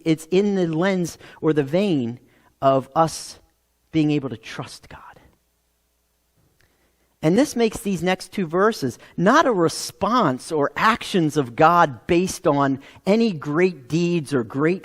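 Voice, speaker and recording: A man preaching a sermon as pastor, animated, acting out quoted voices and asking rhetorical questions. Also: on the high side. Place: church sanctuary. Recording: long reverb of a hall.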